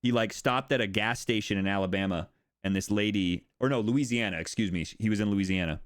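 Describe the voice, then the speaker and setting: A young American man streaming casual chat, rambling and animated, swearing and laughing often as he talks. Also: fairly low pitch, fairly quick. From United States.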